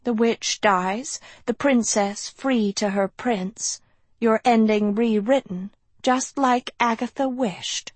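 A woman reading an audiobook, voicing a gentle, fretful older female professor who speaks softly with sighs. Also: on the high side, slow, husky, no echo, pitched above the performer's own voice. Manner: soft, sighing, a little airy.

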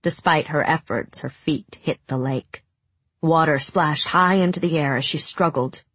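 A woman reading a story aloud in measured, dramatic audiobook narration. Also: low-pitched, a bit bright, slightly rough, no echo.

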